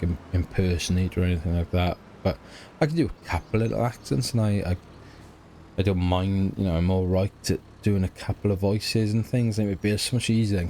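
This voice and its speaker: Deep-voiced British man, rambling. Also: dark tone, a little hiss or hum. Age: middle-aged. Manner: rambling, hesitant, self-mocking. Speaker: let's play gamer. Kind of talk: casual chat while playing.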